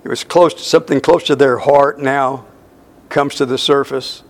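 A male pastor preaching slowly through a Bible passage, stressing key words and repeating lines for emphasis. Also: mid-range voice, fairly even intonation. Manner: slow, emphatic Bible exposition. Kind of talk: sermon.

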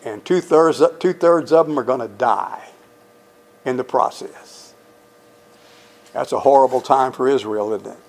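A man's voice: medium pitch, measured pace, creaky, long pauses. A man teaching the Bible verse by verse in an emphatic, conversational way, often putting questions to his listeners.

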